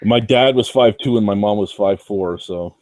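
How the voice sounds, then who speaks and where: A man's voice: fairly low pitch, normal speed, a little mellow, no room sound. A man guesting on a casual chat, telling stories in a dry, self-deprecating, sweary way from a basement. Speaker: guest reviewer.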